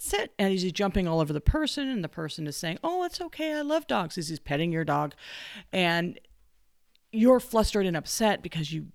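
A woman dog trainer giving blunt, salty, animated advice in a podcast monologue with jokey asides. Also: on the low side, creaky, dry recording, clean studio sound.

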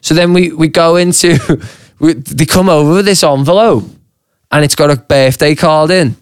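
Man spinning a lively pub yarn. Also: on the high side, normal speed, smooth, dry recording, studio quality. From Liverpool, England. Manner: animated storyteller, swears freely, acts out voices. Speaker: podcast co-host. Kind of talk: casual chat, storytelling. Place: podcast studio.

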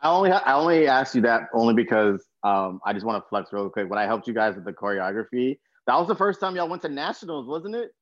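A young man hosts a podcast in a relaxed, slangy way, full of jokes. His voice sounds dry and slightly dull, with no room around it. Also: medium pitch, fast, few pauses, no echo. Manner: laid-back, slangy, jokey. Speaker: podcast host. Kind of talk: casual interview chat.

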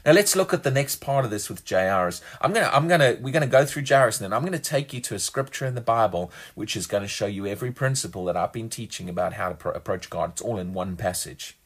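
A man's voice: on the low side, expressive, fast, few pauses, husky. A man preaching a sermon, earnest and emphatic, often repeating words as he restarts a phrase.

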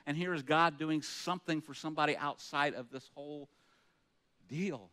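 A pastor with a slightly high voice and a sharp tone preaches at a moderate pace. His sermon is earnest and conversational, mixing scripture read aloud with commentary and rhetorical questions to the room.

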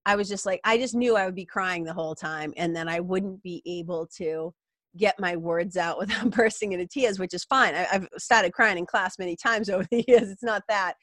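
A woman's voice: fairly low pitch, normal speed, a bit bright, dry recording. Candid, emotional woman with a dry sound. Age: middle-aged. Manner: candid, rambling, emotional, swears casually. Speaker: yoga teacher and podcast host. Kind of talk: heartfelt personal monologue.

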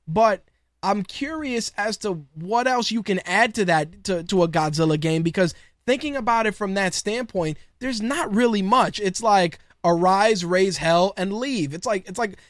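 High-voiced man rambling on his podcast. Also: moderate pace, no echo, studio quality. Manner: rambling, laughs often, swears freely. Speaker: podcast host. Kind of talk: casual solo talk show.

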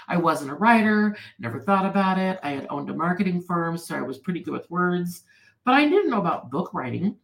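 A woman guest telling her personal story in an interview, earnest and animated. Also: on the low side, echoey room, poor audio.

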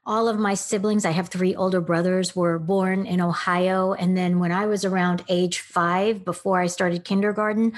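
A middle-aged actress from Texas chatting as a podcast guest, telling stories with lots of laughter and acted-out quotes. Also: female voice, fairly low pitch, normal speed, hardly any pauses. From Texas, United States. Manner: animated storyteller, laughs often, acts out quotes. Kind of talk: casual interview chat.

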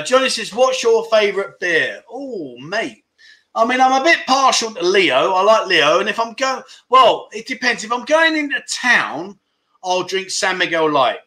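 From his home, a middle-aged livestream host with a high, sharp voice goes through viewer comments in friendly banter, addressing his audience as "mate" and "my friend."

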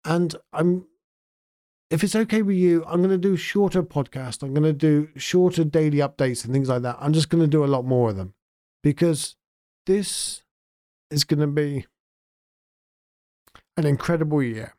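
Speaking at a moderate pace with frequent pauses, this English podcast host and town mayor sounds slightly high and mellow. The studio sound is clean with no room noise, and his casual update comes across as sincere, heartfelt and at times emotional.

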